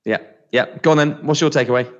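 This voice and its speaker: A man's voice: medium pitch, quick pace. A man co-hosting a casual podcast, chatty and teasing, trying out impressions. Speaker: podcast co-host. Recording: slightly dull lo-fi sound.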